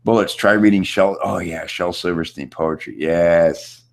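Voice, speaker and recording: A man's voice: low voice, a little slow, creaky. A man hosting a live online question-and-answer session, chatty and upbeat, talking loosely with plenty of fillers as he reads out viewer questions. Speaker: host of a live online Q&A chat. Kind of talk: casual coaching chat, reading viewer questions. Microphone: computer setup with screen share.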